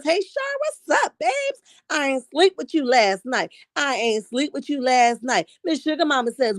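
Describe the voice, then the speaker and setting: A woman's voice: medium pitch, no echo, studio quality. A woman from the Camden area hosting a casual livestream, reading viewers' comments aloud and calling everyone honey with sassy, chatty asides. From Camden, New Jersey area. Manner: chatty, greets viewers by name. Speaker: livestream host reading chat.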